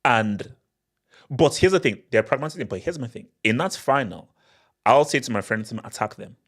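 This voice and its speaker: A man hosts a casual live Q&A, talking loosely and breaking into laughter now and then. His voice sits at an ordinary middle pitch and he often starts a phrase over before finishing it. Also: moderate pace. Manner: animated, repetitive restarts, laughs often. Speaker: football channel host.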